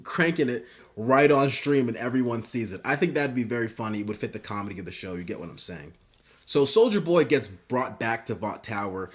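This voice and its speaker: Casual rambling young man riffing. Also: medium pitch. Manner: rambling, filler-heavy, profane. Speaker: YouTube commentator. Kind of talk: casual comedic commentary.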